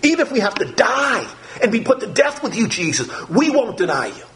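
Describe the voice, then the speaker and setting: A preacher mimicking overconfident chiming disciples. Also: male voice, sits high, very animated, a little fast, fairly bright tone, voice pushed up. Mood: mocking. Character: group of eager, overconfident male disciples.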